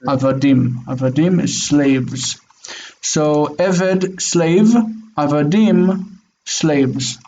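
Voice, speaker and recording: A man's voice: on the high side, a little mellow, lo-fi sound, slight background noise. A man teaching a Hebrew class, patiently drilling pronunciation and repeating words. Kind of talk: slow online class teaching.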